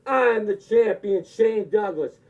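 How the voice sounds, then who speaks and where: Guy voicing a cocky wrestling champ, high and defiant, muffled lo-fi audio. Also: a little slow, a little mellow. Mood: proclaiming. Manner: proclaiming, defiant. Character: boastful male wrestling champion cutting a promo. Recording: dull lo-fi recording.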